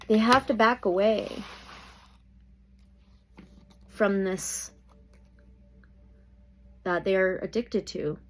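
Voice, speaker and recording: Slow-talking woman reading tarot. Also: mid-range voice, a little hiss or hum. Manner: animated, exclaiming, thinking aloud. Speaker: tarot reader.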